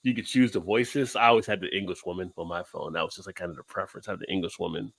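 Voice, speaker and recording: A man's voice: low-pitched, rapid-fire, vocal fry. A man co-hosting a casual chat show, joking around and laughing often. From Baltimore area. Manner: laughs often, jokey and animated. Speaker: co-host.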